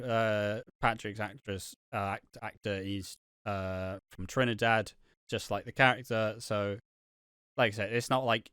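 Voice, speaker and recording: An English man chats on a podcast in a bright, clear voice. He stumbles and restarts his sentences often and swears offhandedly. The sound is close and dry. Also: on the low side, dry recording. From England. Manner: halting, many restarts, swears casually. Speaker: podcast co-host. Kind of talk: casual podcast chat.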